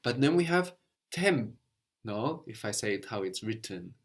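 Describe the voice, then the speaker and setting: A man teaching a language lesson, explaining patiently step by step and often checking with a quick "no?". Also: fairly low pitch, sing-song.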